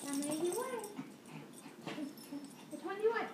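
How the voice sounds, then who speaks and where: A middle-aged woman talks to her dogs in a coaxing, cooing pet voice, very high and swooping up and down. The home-video recording is echoey, with steady background noise and dogs around her. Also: normal speed.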